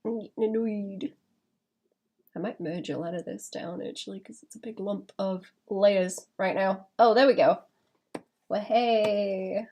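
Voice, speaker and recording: Chatting as she draws on a live stream, a woman thinks aloud, restarting sentences and laughing softly. Her mid-range voice is steady, dark in tone and a little slow.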